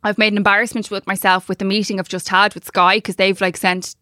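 A woman, telling a long, animated anecdote on a podcast, swearing freely as she goes. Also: mid-range voice, fast, no echo, clean studio sound. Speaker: podcast co-host. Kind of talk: casual storytelling chat.

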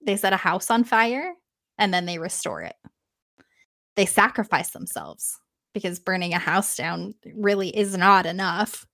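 A woman's voice: medium pitch, big pitch swings, measured pace, gravelly, bright, forceful tone. A woman retelling an old myth in a casual, chatty way, with laughing asides. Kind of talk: casual storytelling.

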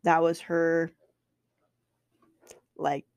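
A woman's voice: low voice, flat delivery, extremely slow, darkish tone, no room sound. A woman in her twenties, a podcast host telling a personal story candidly and emotionally, swearing and restarting often.

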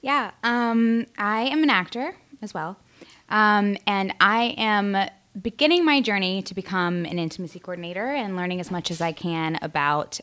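A woman's voice: medium pitch, a bit bright, smooth. A woman actor speaking thoughtfully as a podcast guest, with some fillers. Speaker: actor training as intimacy coordinator.

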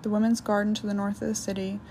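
A woman narrating an audiobook novel in a measured, steady reading. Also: mid-range voice, slight background noise. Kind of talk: scripted narration.

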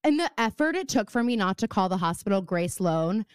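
A woman's voice: mid-range voice, sing-song, fairly quick, clean tone, no room sound, clean studio sound. A young adult woman hosting a podcast, chatting casually with lots of fillers and laughing asides. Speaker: podcast host. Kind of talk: casual chat.

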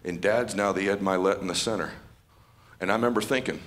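A middle-aged man giving an emotional stage speech as a motivational speaker, casual and slangy, dropping to a hushed voice in tender moments. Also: deep voice, a little fast. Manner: casual and slangy, calling people dude and man. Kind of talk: emotional speech to a live audience. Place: stage at a live event.

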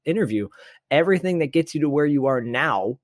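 A man's voice: fairly high pitch, lively intonation, a little fast, no echo, studio quality. A man hosting a podcast, chatting casually and rambling through his thoughts. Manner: rambling, restarts often. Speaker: podcast host. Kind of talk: casual chat.

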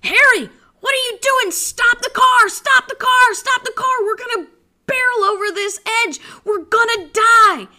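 A woman's voice: unhurried, full character voice. A woman playing a shrieking, frantic wife. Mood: panicked. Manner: shrill, yelling.

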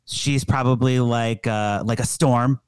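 A man's voice: medium pitch, fairly even intonation, measured pace, clear, resonant tone, no echo. A man co-hosting a podcast, casually recapping a movie with jokes and lots of fillers. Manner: joking, rambling recap with fillers. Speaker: podcast co-host.

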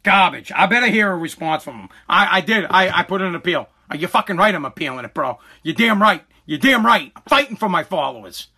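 A man's voice: sits high, lively intonation, fast talker, hardly any pauses, pushed and bright, slightly rough. A man hosting a solo podcast, ranting in a profane, agitated way and stammering often. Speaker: podcast host.

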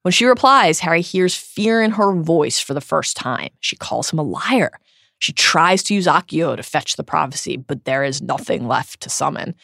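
A woman's voice: low-pitched, lively intonation, normal speed, gravelly, fairly bright tone, no echo, studio quality. A woman co-hosting a podcast who retells book scenes earnestly and reads passages aloud. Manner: earnest, emphatic storytelling. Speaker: podcast co-host. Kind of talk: reading book passages with commentary.

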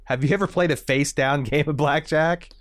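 A man co-hosting a casual TV recap podcast, animated and swearing freely as he riffs. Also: on the high side, brisk, no echo, studio quality. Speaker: podcast co-host.

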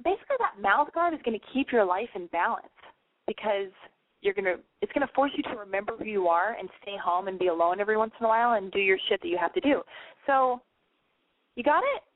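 A woman's voice: medium pitch, expressive, fast talker, no room sound. A brash, profane woman hosting a call-in advice radio show, a little tipsy, talking animatedly. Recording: dry, phone-like lo-fi sound.

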